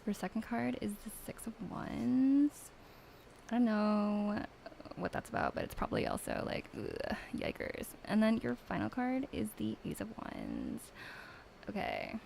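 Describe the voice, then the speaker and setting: A woman's voice: mid-range voice, wildly swooping pitch, measured pace, gravelly, darkish tone, slight background noise, heavily acted. A woman voicing a bored, snarky young tarot reader in a put-on Valley Girl accent, drawling and dropping "like" in a whispered role-play. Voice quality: drawling, filler 'like', dismissive.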